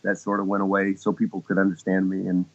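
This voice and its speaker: A man's voice: deep voice, monotone, quick pace. A man in his fifties from Texas, a guest musician telling stories in a casual interview, rambling and chuckling with many restarts. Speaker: guest keyboardist. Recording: slightly muffled lo-fi audio.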